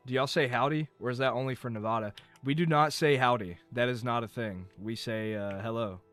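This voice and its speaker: A young man from North Carolina talks loosely on a live stream, wandering off track, cursing and poking fun at himself. His voice sits at an everyday middle pitch, with soft music playing underneath. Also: brisk, no echo. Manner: rambling, swearing, self-mocking. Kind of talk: casual live-stream chat.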